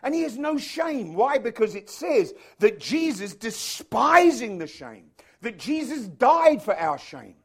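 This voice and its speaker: Animated high-pitched male preacher. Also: breathy edge. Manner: animated, emphatic, quickens into anecdotes. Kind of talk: sermon.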